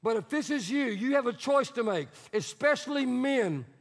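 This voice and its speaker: A man's voice: extremely high pitch, animated, moderate pace. A man pastor preaching a sermon in a church sanctuary, conversational and emphatic, repeating his key phrases. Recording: long hall reverb.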